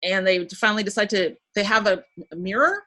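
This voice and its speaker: Woman podcast host, lively recap voice. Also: medium pitch, brisk. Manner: animated retelling, acts out quoted lines, laughs often. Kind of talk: casual podcast chat.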